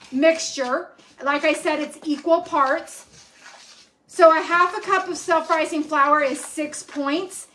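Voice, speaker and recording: A woman's voice: high voice, a bit bright, a little hiss or hum. A woman hosting a home cooking live stream, chatting in a rambling way with lots of ums as she cooks in her kitchen. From Texas. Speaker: cooking show host.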